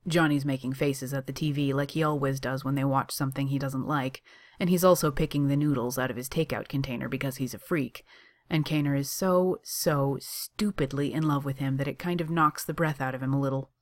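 Low-voiced woman reading a story. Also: brisk. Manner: expressive, casual swearing in the narration. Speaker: reader. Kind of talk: reading fan fiction aloud.

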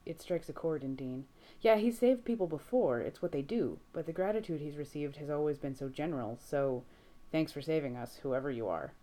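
Low-voiced woman reading fiction. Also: mellow. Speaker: reader.

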